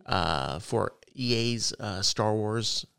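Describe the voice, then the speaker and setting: A man's voice: fairly low pitch, animated, slow, vocal fry, a bit bright. A man co-hosting a casual gaming podcast, rambling and loose with lots of fillers. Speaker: podcast co-host.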